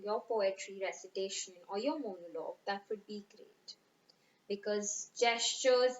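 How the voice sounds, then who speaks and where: A woman with a fairly high voice teaches how to recite poems, taking her time and leaning on each stressed word. The sound is roomy and a little dull, as from a simple home recording. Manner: slow, expressive, stressing words for effect. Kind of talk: recitation lesson.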